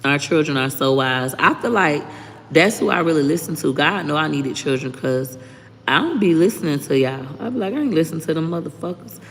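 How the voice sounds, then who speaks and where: A woman, hosting a livestream and giving frank, profane, lively life advice. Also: low-pitched, normal speed. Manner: frank, profane, animated storytelling. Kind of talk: casual livestream chat. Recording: long reverb, faint background noise.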